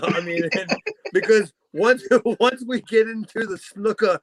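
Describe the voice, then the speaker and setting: A man's voice: high voice, unhurried, no echo. A man co-hosting a podcast, talking casually in a rambling way, laughing often and swearing. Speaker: podcast co-host. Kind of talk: casual chat.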